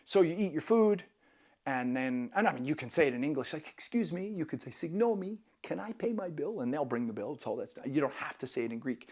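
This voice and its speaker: A man's voice: medium pitch, fast, darkish tone. A man hosting a travel vlog, giving casual travel tips in an enthusiastic, self-deprecating way.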